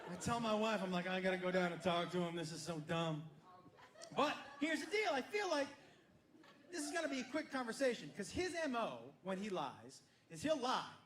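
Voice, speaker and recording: A middle-aged man doing a stand-up comedy set, telling an animated story and acting out the dialogue. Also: sits high, moderate pace. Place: comedy club stage. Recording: echoey room with audience noise. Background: audience laughter.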